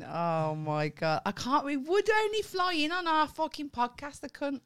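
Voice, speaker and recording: A woman's voice: a little high, unhurried, few pauses, fairly bright tone, clean tone. A woman with a Birmingham accent, co-hosting a casual comedy podcast, sweary and laughing a lot. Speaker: podcast co-host.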